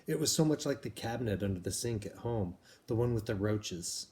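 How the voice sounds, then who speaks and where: Low-voiced man reading a novel aloud. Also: expressive, a little mellow. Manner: measured, plain, explanatory. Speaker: reader.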